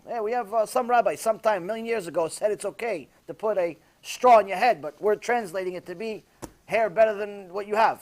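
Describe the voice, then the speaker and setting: A man, a rabbi, telling a story in a sermon, acting out the people he quotes with big swings from loud cries to hushed tones. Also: high voice, normal speed. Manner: animated, acting out quoted voices with big swings from shouting to near-whisper.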